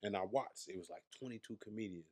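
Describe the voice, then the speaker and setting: Fast-talking and low-voiced with a somewhat dark tone, a Las Vegas comedian in his thirties tells cocky, profanity-laced stories as a guest in a casual interview.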